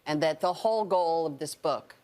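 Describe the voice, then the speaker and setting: Earnest sixty-year-old woman, low voice. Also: moderate pace, a little mellow. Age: 60s. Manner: earnest, emphatic, repeats key phrases. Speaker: guest actor and author. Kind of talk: television interview. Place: morning TV studio.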